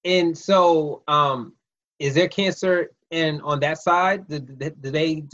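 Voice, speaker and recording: A man with a slightly high voice asks his questions slowly and loosely. His sound is dull and lo-fi. Most of the time he only gives short replies. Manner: relaxed, short backchannel replies. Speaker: interviewer. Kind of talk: casual interview.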